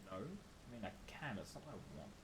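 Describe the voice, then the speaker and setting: Rambling streamer man, animated pitch. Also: fast, heavy background noise. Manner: rambling, self-mocking, lots of "like". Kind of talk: casual gameplay chat.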